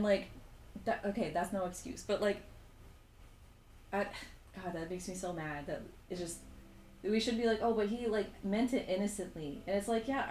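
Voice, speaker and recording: Animated young woman vlogger, roomy sound. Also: slight background noise. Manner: animated, exasperated storytelling with sudden jumps in pitch. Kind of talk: casual chat while drawing.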